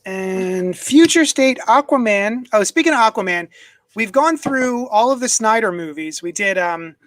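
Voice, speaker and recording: A man's voice: high voice, lively intonation, unhurried, a bit bright, dry recording, poor audio. A man casually chatting on a live stream from his home desk, rambling and reading viewer comments aloud into a desk microphone. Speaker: comics unboxing streamer.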